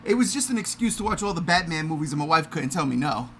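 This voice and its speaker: A man hosting a podcast livestream in a casual, energetic, self-mocking way. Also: fairly high pitch, quick pace, slight background noise. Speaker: podcast host.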